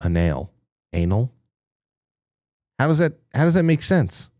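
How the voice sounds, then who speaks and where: A man's voice: mid-range voice, very animated, a little slow, dark tone, no echo, clean studio sound. A man hosting a casual livestream, reading viewer messages aloud and rambling through his thoughts with fillers and restarts. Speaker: talk show host reading chat messages.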